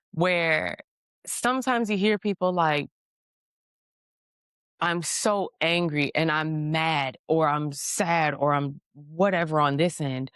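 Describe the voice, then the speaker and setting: A woman host telling a story in a blunt, profane, animated way, in a casual monologue. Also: deep voice, no room sound, studio quality. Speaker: podcast host.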